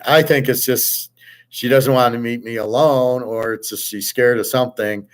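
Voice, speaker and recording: A man's voice: medium pitch, steady tone, moderate pace. A middle-aged man with an ordinary mid-range voice talks through a personal grievance in a loose, rambling monologue. He is blunt and profane, restarts his sentences often, and quotes himself with heat. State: aching back, jet-lagged. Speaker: host. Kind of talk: casual personal storytelling monologue.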